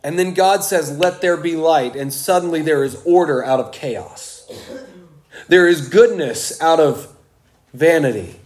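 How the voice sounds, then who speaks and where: A man preaching a sermon, slow and emphatic, with dramatic pauses. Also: a little high, lively intonation.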